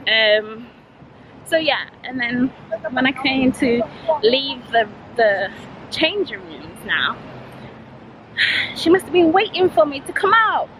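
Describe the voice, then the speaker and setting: A young woman from Yorkshire with a Yorkshire accent tells a shopping story in a casual vlog, blunt and animated, acting out both sides of the exchange. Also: high voice, slow, pauses often, slight background noise, low-quality recording. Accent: Yorkshire English. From Yorkshire, England. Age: young adult. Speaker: vlogger.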